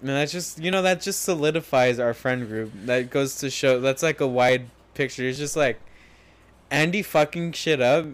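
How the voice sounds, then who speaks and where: A man's voice: medium pitch, normal speed. A young man casually telling stories with a friend, swearing and chuckling as he goes. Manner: laid-back, swearing, chuckling. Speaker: podcast co-host. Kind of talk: casual storytelling chat. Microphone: headphones on, recording the chat.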